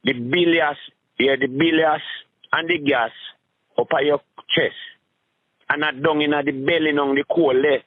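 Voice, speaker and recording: A Jamaican man rambles through comic stories, swinging up into squeaky voices when he acts out a scene. His voice sits a touch high. The sound is dry and tinny, like a phone line. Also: steady tone, unhurried, pauses often, dry recording. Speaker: street comedian.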